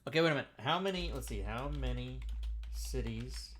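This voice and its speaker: A man's voice: medium pitch, brisk, a little hiss or hum. A middle-aged American man hosting a casual livestream talk show, swearing and laughing often as he chats. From United States. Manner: profane, laughing, excitable.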